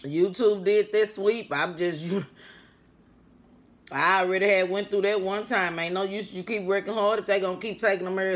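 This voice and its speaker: A young woman chatting loudly and playfully to her viewers while eating a meal on mic. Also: medium pitch. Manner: chatty, loud and playful, talks to viewers as friends; eats on mic between remarks, with mouth sounds. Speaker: food vlogger. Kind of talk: casual mukbang eating vlog.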